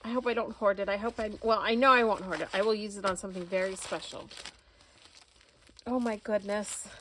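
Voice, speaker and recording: A woman's voice: mid-range voice, steady tone, brisk, noisy background. A woman unboxing gifts at home in a casual vlog, effusive and full of exclamations. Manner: gushing, effusive, many exclamations. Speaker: crafting vlogger. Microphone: camera recording.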